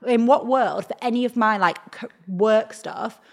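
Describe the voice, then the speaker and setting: A woman's voice: on the high side, normal speed, creaky. A young woman, a talent agent, telling a story as a podcast guest. She acts out the quoted dialogue and says "like" a lot. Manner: animated retelling, acts out quoted dialogue, heavy use of "like". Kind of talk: casual storytelling chat.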